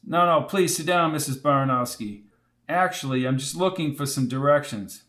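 A man's voice: mid-range voice, normal speed, a bit bright, lightly acted. A tired, unshaven man, as a narrator voices him, terse but polite, in a voice close to the reader's own. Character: tired unshaven male investigator.

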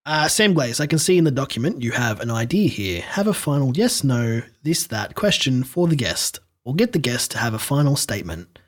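A man's voice: mid-range voice, big pitch swings, fairly quick. A man hosting a comedy podcast, bantering dryly with a mock announcer tone. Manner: dry, ironic, mock announcer tone. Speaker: podcast host.

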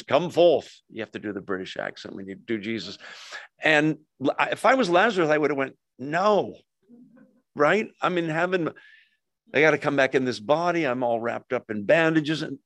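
A man's voice: a little high, no room sound. Conversational preacher man, dry sound. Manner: conversational preaching with jokes and asides to the congregation; emphatic, swings between loud and hushed. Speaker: pastor. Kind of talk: sermon.

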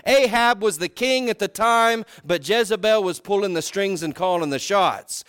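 A man preaches a sermon, telling a Bible story in a folksy style that swings between loud, high bursts and low, quiet asides. His voice is smooth. It's recorded in studio quality with no room sound.

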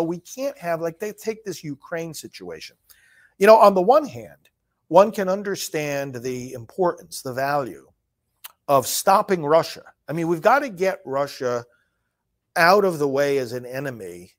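A man hosting a solo political commentary show, reading from a speech and discussing it emphatically, often repeating words and restarting phrases. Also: fairly high pitch. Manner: reads quoted lines slowly and forcefully.

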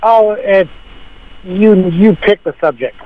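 A man calling in to a radio show, talking in a relaxed, wry way. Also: high voice, slow pace. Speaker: caller. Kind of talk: phone-in chat. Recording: dull phone line.

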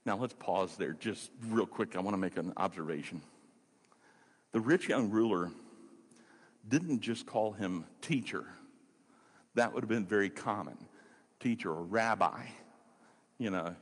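Pastor, male, lively husky delivery, big reverberant sanctuary sound. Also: lowish voice, takes it slowly, pauses often. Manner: conversational, animated preaching with fillers and rhetorical questions. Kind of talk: sermon.

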